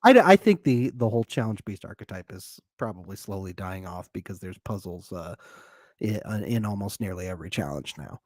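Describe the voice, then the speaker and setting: A man's voice: sits low, lively intonation, brisk, no echo. Laughing man co-hosting a dry podcast. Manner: joking, laughs often. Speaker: podcast co-host. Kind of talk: casual recap chat.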